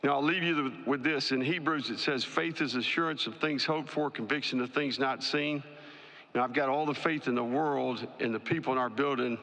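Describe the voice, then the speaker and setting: A man, a college football head coach, giving prepared press conference remarks in a measured, emphatic, list-like way. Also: medium pitch, fairly bright tone. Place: large media day ballroom. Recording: long reverb in a large hall.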